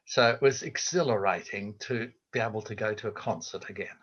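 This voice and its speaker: An older man with an Australian accent, speaking as a theologian guest over a video call in a measured, reflective way. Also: lowish voice, a bit bright, husky. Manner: measured, reflective, hesitant with fillers. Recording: dull lo-fi video call audio.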